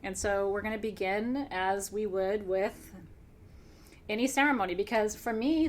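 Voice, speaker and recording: A woman hosting a live-streamed spiritual class. She sounds excited and emotional, laughs often, clears her throat, and slows into reflective pauses as she guides a ceremony. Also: mid-range voice, a little hiss or hum. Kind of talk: live-streamed class, warm conversational teaching.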